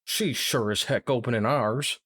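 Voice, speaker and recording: A man's voice: mid-range voice, a little slow, fairly bright tone, breathy edge. Figure: a man doing a folksy country pony girl. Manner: folksy drawl, y'all and reckon.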